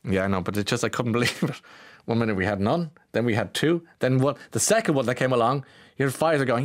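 A man's voice: medium pitch, quick pace. A man with an Irish accent hosting a morning radio show, rambling and self-mocking as he tells stories and reads texts. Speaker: radio host. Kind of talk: chatty morning radio talk.

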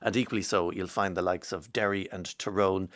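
A man's voice: low voice, steady tone, a little fast, a bit bright. An Irish man hosting a radio show, chatting casually and reading out listeners' texts with wry asides.

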